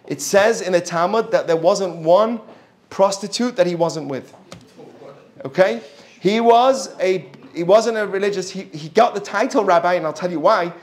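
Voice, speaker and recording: High-voiced man telling a Talmud story. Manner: animated storyteller, rhetorical questions to listeners; drops into Hebrew terms and explains them. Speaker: religious teacher. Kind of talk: Torah lesson storytelling.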